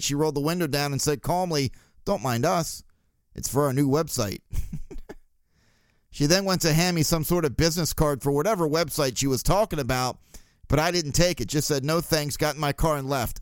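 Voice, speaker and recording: A man's voice: on the high side, a little fast, smooth, no room sound, studio quality. A man hosting a casual sports podcast, blunt and swearing, with chuckling asides. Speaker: podcast host.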